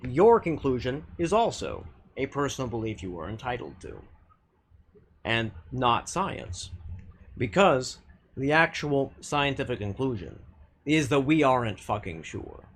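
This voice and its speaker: A man streaming from home, arguing with his chat in a blunt, loose way. He swears freely and restarts his sentences. His pitch moves up and down a lot as he argues. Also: very animated, a little slow. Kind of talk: casual live-stream chat.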